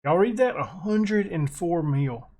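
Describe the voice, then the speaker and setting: American guy, gaming commentary, excitable, self-mocking, a bit high-voiced. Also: measured pace, husky. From United States. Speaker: gaming YouTuber. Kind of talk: casual gameplay commentary.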